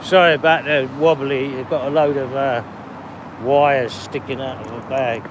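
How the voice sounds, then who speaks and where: A chatty man, live streaming from a busy city street. His voice sits in a middle register, and he talks to passers-by in a friendly, easygoing way. Traffic and street noise are clearly heard behind him. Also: medium pitch, steady tone, moderate pace.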